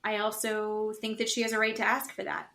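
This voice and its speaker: A woman's voice: mid-range voice, brisk, a little hiss or hum. A woman co-hosting a podcast, casually recapping a reality show and acting out what the cast said. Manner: animated retelling, acting out quotes. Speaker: podcast co-host.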